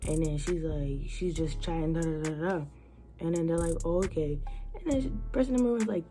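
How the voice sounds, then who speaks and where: Young woman telling a story off the cuff, lotta likes and ums, lowish voice, music going behind her. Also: a little fast. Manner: animated, slangy, many fillers and restarts. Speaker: vlogger. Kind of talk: casual storytime.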